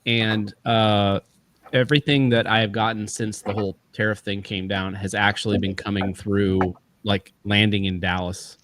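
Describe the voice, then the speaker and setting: A man chatting casually in a group chat, in a relaxed, easygoing way. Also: lowish voice, normal speed, slight background noise.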